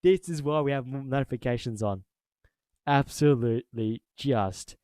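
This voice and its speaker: A man making a football reaction vlog, excitable, repeating his exclamations and laughing loudly. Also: mid-range voice, normal speed, smooth, dry recording. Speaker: football fan YouTuber.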